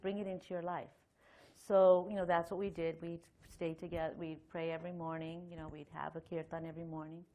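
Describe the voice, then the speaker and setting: A woman's voice: fairly low pitch, flat delivery, fairly quick, dark tone. A middle-aged woman giving a Sunday temple lecture, talking conversationally with many fillers and reading a long letter aloud. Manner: conversational, chatty with frequent fillers and light laughs; reads a letter aloud at length. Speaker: temple speaker.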